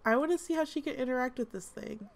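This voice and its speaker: A woman's voice: high voice, quick pace. A woman host giving casual, amused gameplay commentary, chatty with lots of fillers. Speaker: gaming channel host.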